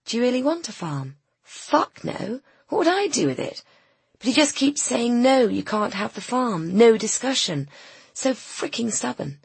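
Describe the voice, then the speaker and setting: A woman voicing a pampered, spoiled young woman in an audiobook, breathy and pouty. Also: a little high, very animated, measured pace, no room sound, voice pushed up, heavily acted. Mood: petulant. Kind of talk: audiobook character voice.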